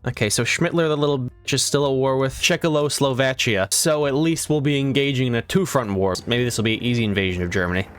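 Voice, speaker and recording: Rapid-fire sarcastic gaming commentator, man. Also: mid-range voice, clean tone, soft background music. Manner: sarcastic, irreverent joking. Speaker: gaming video creator. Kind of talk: strategy game commentary.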